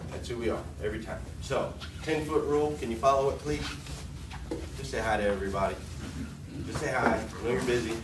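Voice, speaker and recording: A man's voice: mid-range voice, steady tone, a little fast, far from the mic. Car lot manager guy hyping up his sales team, jokey and brash, echoey showroom with lots of room noise. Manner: brash, joking, motivational. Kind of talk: morning sales meeting pep talk. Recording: roomy, off-mic with room noise.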